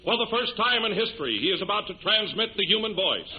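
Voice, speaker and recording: A man's voice: sits high, big pitch swings, fast talker, a little hiss or hum. A male announcer giving scripted narration and an upbeat commercial read on a muffled 1930s radio broadcast. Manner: smooth, upbeat selling.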